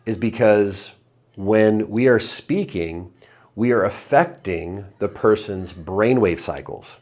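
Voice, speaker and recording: A man teaching hypnosis in a video lesson, chatty between guided breathing cues, then slowing into a low, drawn-out voice for suggestions. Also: a little mellow. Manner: drops into slow low trance voice for suggestions; conversational, upbeat between demonstrations.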